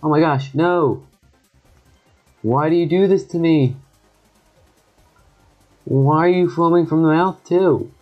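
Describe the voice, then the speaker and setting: A young man giving casual, joking gameplay commentary with quick excited reactions and sarcastic asides. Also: a little high, highs cut off. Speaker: gaming YouTuber. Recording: faint background music.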